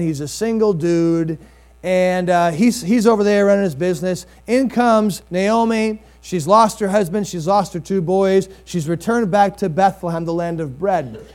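A man's voice: sits high, a little mellow. A man preaching a sermon in a conversational way, rising into emphatic bursts and reading scripture with drama.

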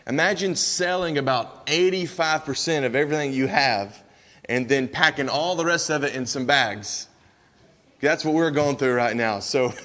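A young missionary man with an East Tennessee drawl tells stories to a church in a folksy, easygoing manner, often restarting his sentences. His voice is of middle pitch and carries a long reverb from the sanctuary. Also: fairly bright tone. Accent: East Tennessee Southern. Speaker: missionary speaker.

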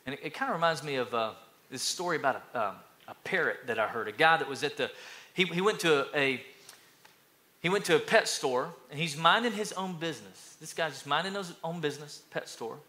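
High, bright-voiced preaching man. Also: a little fast. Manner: energetic preaching with repetitions and storytelling. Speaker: pastor. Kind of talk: sermon.

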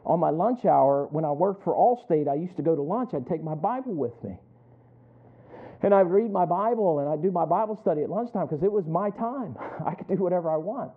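A man's voice: a little high, fairly quick. A man preaching a sermon, telling personal stories and chuckling between lines as he acts out both sides of a conversation. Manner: animated storytelling, acting out both sides of a conversation. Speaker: pastor. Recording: tinny phone-like sound.

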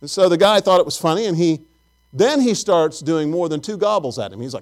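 A man's voice: a little high, animated, brisk. A middle-aged man, preaching a sermon in a folksy, chatty storytelling way and talking directly to his congregation. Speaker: pastor.

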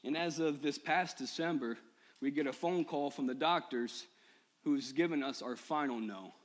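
A male pastor preaching a personal sermon to his church, moving from quiet confession to impassioned, rising appeals. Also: on the high side, moderate pace. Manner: personal, builds to impassioned shouting. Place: church sanctuary.

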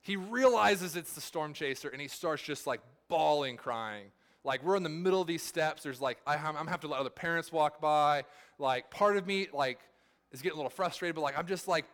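A man in his thirties preaches with a somewhat high voice for a man. He talks loosely and chattily, full of fillers, as if telling a story to friends from the pulpit. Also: a little fast, a bit bright. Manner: casual storytelling, many "like" fillers. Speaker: pastor. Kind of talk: sermon.

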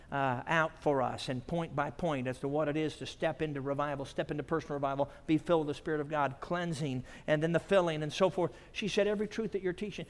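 A man preaching at a conference, his voice sitting a bit high for a man. He tells stories between points and laughs softly as he goes. The sound carries a long reverb from a large hall. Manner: storytelling with frequent chuckles. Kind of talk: sermon.

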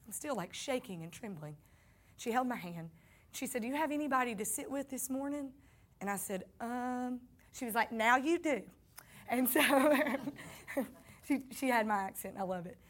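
A woman with a Southern accent giving an earnest personal faith testimony, speaking to her listeners as y'all. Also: a little high.

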